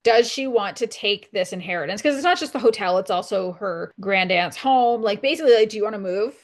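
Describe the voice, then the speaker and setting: A woman's voice: mid-range voice, lively intonation, brisk. A woman in her thirties, a podcast co-host from Canada, chatting casually and laughing as she retells a book's story. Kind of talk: casual chat.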